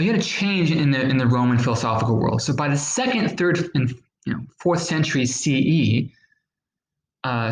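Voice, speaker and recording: A man's voice: mid-range voice, echoey room, rough recording. A man teaching a recorded history lesson, explaining patiently with fillers and acting out little examples.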